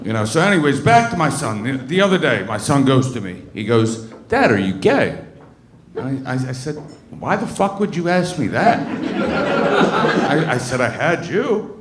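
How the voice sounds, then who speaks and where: Onstage at a comedy club, a Baltimore comic in his thirties delivers a crude, rambling set packed with fillers and restarts. His medium-pitched voice is very animated at a normal speed, with an echoey room and a noisy background.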